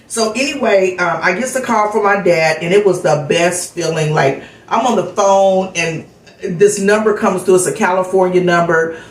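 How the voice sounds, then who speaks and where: Middle-aged woman vlogger, chatty and open storyteller, mid-pitched voice, echoey room. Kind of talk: casual chat vlog.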